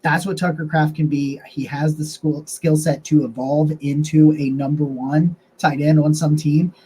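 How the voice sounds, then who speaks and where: A man's voice: a little high, little pitch movement, normal speed, dark tone, slight background noise, rough recording. A young man casually breaking down football draft picks on his own show, talking loosely with restarts and fillers, a touch hiccupy. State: has the hiccups. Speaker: sports podcast host. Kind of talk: casual sports analysis monologue.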